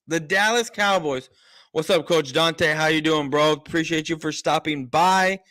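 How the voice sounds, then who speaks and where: A man's voice: on the high side, measured pace, fairly bright tone, no echo. A man hosting a live-stream sports show, ranting emphatically and repeating himself for effect. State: out of breath. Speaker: sports talk host.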